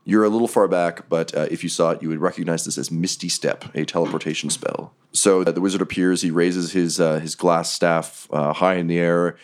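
A man narrating a tabletop game as game master, relaxed, with many filler pauses. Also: deep voice.

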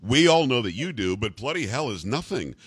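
A man's voice: medium pitch, sing-song, a little fast, breathy edge. A man hosting a talk show, chatting in a plainspoken, stop-start way. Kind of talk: casual chat.

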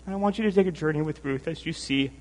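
A man's voice: fairly high pitch, quick pace. Earnest, emotional male preacher in a hall. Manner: emotional, earnest, with many restarts and "right?" tags. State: tired from lack of sleep. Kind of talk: sermon. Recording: long hall reverb.

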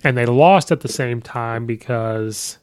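A man hosts a casual sports podcast in a smooth, resonant voice of middling pitch. He talks in a loose, conversational way, full of ums and you-knows. The sound is dry and close to the mic. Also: a little slow, a little mellow, dry recording. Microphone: podcast microphone.

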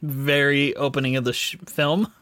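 A man's voice: medium pitch, flat delivery, fairly bright tone. A man co-hosting a casual podcast about a film, joking and laughing often and running through the show's plugs. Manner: laughs often, reads ad breaks quickly. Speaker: podcast co-host. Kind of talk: casual chat.

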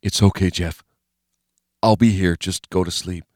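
Male reader doing a tired, placating young guy: low, soft, casual. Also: fairly even intonation, measured pace, no room sound, clean studio sound. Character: worn-out young man, loyal and careful.

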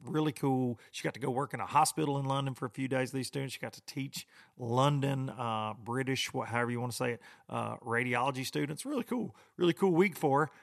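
A man's voice: medium pitch, steady tone, brisk, vocal fry. A middle-aged man, rambling and grumbling in a casual, folksy podcast monologue. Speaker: podcast host.

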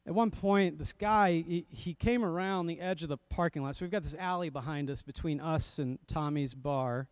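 A man's voice: a little high, moderate pace, hardly any pauses, clear, resonant tone, dry recording. A man serving as a pastor, telling a self-deprecating story in a sermon and laughing often as he goes.

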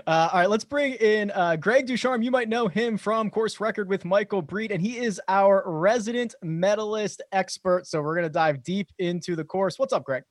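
A man hosting a casual sports podcast with a fairly high voice. He is upbeat and laughs easily as he brings in his guests. The sound is dry and close. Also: moderate pace, hardly any pauses, no room sound. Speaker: podcast host.

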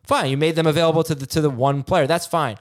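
Halting man hosting a fantasy sports podcast. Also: on the high side, fairly even intonation. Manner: halting, many restarts, reads questions aloud. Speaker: podcast host. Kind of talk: casual chat, reading listener emails.

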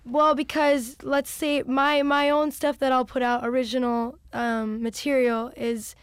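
A woman's voice: high voice, flat delivery, unhurried, clear, resonant tone, dry recording, studio quality. A young adult woman musician chatting casually as an interview guest, full of "like" and "you know".

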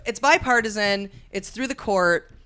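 A woman's voice: medium pitch, normal speed, a bit bright, smooth. A woman co-hosting a comedy podcast, explaining the news in a rambling, giggly way and often losing her train of thought. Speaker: podcast co-host. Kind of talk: casual comedic chat.

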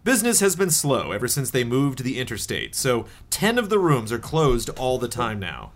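A man's voice: medium pitch, huge pitch swings, moderate pace. A man in a casual tabletop game chat, reading the setup text aloud in a dry tone.

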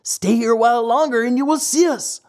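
A storybook narrator voicing a boastful runaway boy who coaxes and insists in a lively voice. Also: medium pitch, a little fast, pitched above the performer's own voice, close to an everyday voice. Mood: coaxing. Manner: coaxing and insistent.

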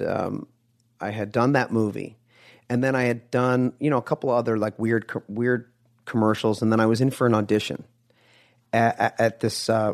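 A man who is an actor, a podcast guest telling anecdotes in a casual, animated way and acting out the lines of people in his stories. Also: fairly low pitch, vocal fry. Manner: animated storyteller, acts out quoted lines. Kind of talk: casual interview chat.

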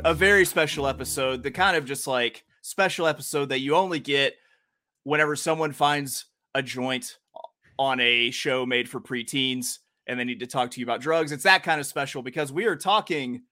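A man's voice: mid-range voice, sharp tone, no room sound, clean studio sound. A man hosting a horse racing podcast in a casual, joking way, wandering into rambling asides. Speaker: podcast host.

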